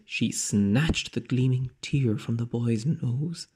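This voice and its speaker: A man teacher reading a children's storybook aloud slowly, dropping into dramatic whispers. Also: mid-range voice, warm tone, slightly rough.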